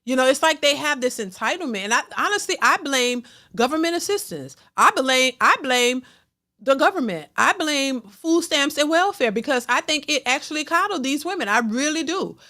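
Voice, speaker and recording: High, sharp-voiced woman ranting. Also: lively intonation, normal speed. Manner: emphatic, repetitive, blunt. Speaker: reaction channel host. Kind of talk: ranting commentary.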